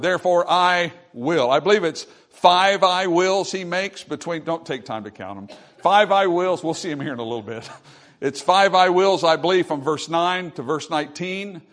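Emphatic preaching man, fairly high voice. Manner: emphatic preaching with call-and-response "Amen?"; swings between loud emphatic quotes and quieter asides. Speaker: pastor. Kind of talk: sermon.

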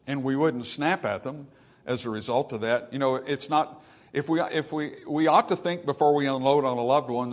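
A male pastor preaching a sermon in an earnest, conversational way, with emphatic bursts, scripture readings and calls of "Amen?" to the congregation. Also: fairly high pitch. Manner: reads scripture aloud and asks the congregation to finish verses.

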